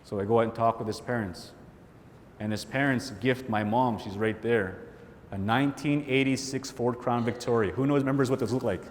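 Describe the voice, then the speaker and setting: Man telling stories in a big hall. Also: brisk. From Canada. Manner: animated storytelling, acts out friends' voices. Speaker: keynote speaker. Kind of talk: motivational keynote storytelling. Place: large hall with audience. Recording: hall reverb, faint rumble.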